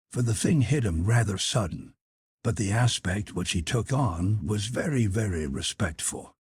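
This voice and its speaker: A man narrating an audiobook in an expressive storytelling delivery. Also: lowish voice, husky, dry recording.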